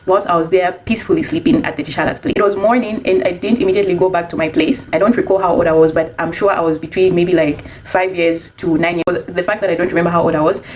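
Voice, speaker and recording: A young adult woman casually telling a personal story, chatty and animated when she quotes herself. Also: on the low side, a little hiss or hum, poor audio.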